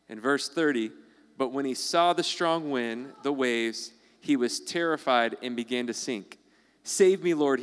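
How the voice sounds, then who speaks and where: Conversational male pastor, smooth voice. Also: medium pitch, in a large hall. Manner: conversational, acts out quoted voices. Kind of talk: sermon.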